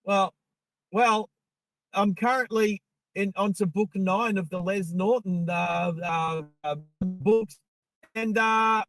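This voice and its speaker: Man, high voice, rambling live-stream chat from the car, dry close sound. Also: steady tone, takes it slowly, pauses often, fairly bright tone, no room sound, low-quality recording. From Australia. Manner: rambling and chatty, talking to viewers. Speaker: live-stream driving host. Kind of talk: casual live-stream chat while driving. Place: inside a car on the road.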